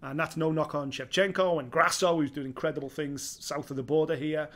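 A man with a Scouse accent co-hosting a fight preview, chatting in an animated way and swearing freely. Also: fairly high pitch, fairly quick. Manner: animated, swears freely, calls people baby. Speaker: MMA show co-host. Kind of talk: casual fight preview chat.

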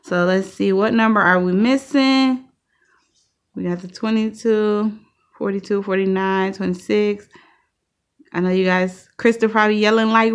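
A woman co-hosting a lottery ticket scratching video, talking casually and breaking into loud cheers. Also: mid-range voice, steady tone, moderate pace, clear, resonant tone. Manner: upbeat, bursts into loud cheers. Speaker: channel co-host.

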